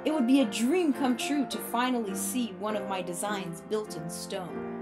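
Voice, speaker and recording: A woman's voice: normal speed, loud music behind the voice, lightly acted. A woman doing an eager young architect. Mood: hopeful. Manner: excited, high and bright.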